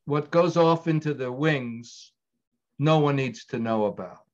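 A man's voice: medium pitch, measured pace, highs cut off. An older man, a writer-director, answering interview questions in a thoughtful, digressive way with frequent restarts.

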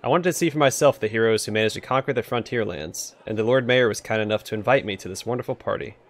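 A man's voice: lowish voice, fast, lightly acted. A man reading as a self-assured young noble heir. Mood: persuasive.

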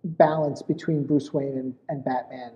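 A man is a guest in a relaxed interview. He wanders through his points, restarting his sentences and filling the gaps with "you know". The sound is muffled and dull, with a long echo trailing off the room. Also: mid-range voice, moderate pace. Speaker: guest, essay author and podcaster. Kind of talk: casual interview chat.

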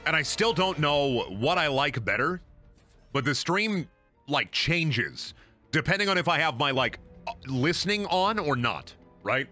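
A man's voice: on the high side, very animated, unhurried, pushed and bright, faint music behind. A man streaming a video game, joking crudely and talking to his chat. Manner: joking, crude, talks to chat, bursts into silly voices. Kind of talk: casual gameplay commentary.

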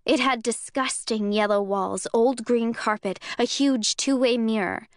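An angry young heroine hurls accusations in a high, shaking voice, as a woman reads her in an audiobook. her lines climb well above the narration and the recording stays dry and close. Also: measured pace, no room sound, lightly acted. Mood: agitated. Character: young woman, furious, shaken, defiant heroine.

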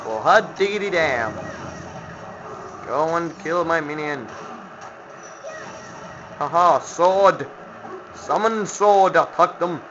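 A man's voice: on the high side, expressive, slow, pauses often. A man from Finland commentating a video game he plays, grumbling, sarcastic and swearing at the enemies. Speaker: gameplay commentator. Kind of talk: let's play commentary. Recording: lo-fi home mic with background noise.

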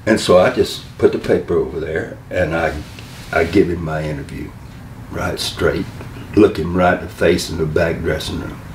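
An older man with a Southern American accent, telling stories from his career as an interview guest in a folksy, animated way, acting out other people's lines. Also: sits low, moderate pace. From Southern United States. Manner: folksy, animated storyteller who acts out quotes. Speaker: interview guest, former wrestling manager. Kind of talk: storytelling interview. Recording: echoey room, mic at a distance, faint hiss.

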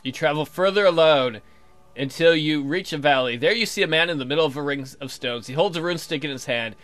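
A man's voice: on the high side, a little fast, fairly bright tone. A man casually commenting on his gameplay, swearing, thinking aloud, and reading the game text. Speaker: let's play gamer.

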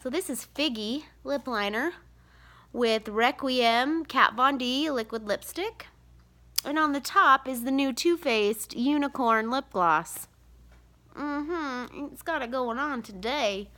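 A woman's voice: high voice, fairly bright tone. Tired, teary woman vlogger. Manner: tearful, rambling, many fillers and sighs. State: tired, close to tears. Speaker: vlogger, mother of seven. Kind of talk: emotional confessional vlog.

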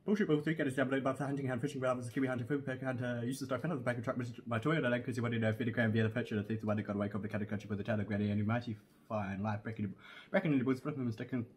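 A man reciting song lists at top speed as a rapid-fire reading challenge. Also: mid-range voice, fairly even intonation. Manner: rattles off lists at great speed, laughs. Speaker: guest reciting fast.

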